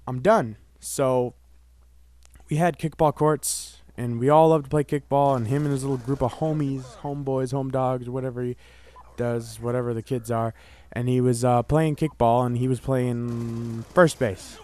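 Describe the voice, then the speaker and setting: A young man tells a story straight to his viewers in a loose, rambling way, leaning on "like" and "you know". His voice sits at an everyday middle pitch, and his delivery stays casual and chatty. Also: steady tone, normal speed, darkish tone. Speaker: vlogger.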